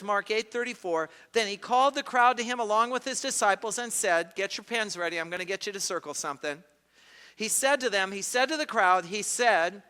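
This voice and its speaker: A man's voice: high-pitched, pushed and bright, clear, resonant tone. A man preaching a sermon as pastor, telling the story dramatically and acting out the quotes himself. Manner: dramatic retelling with acted quotes. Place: large church hall. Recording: reverberant hall.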